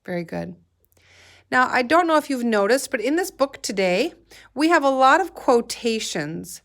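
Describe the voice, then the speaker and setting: Slow, patient woman teaching reading. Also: a little high. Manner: slow, patient, sounds out letters and words. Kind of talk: guided reading lesson for young children.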